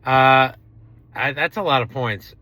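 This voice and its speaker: A man co-hosting a sports podcast, weighing his football picks out loud with some hesitation. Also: medium pitch, unhurried, dry recording. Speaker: podcast co-host. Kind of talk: casual sports betting chat.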